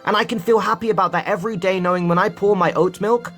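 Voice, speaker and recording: A man's voice: high voice, steady tone, fast talker, fairly bright tone, soft background music. A man live-streaming from home, urging his viewers in a preachy way and repeating points for emphasis. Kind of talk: impassioned live-stream monologue.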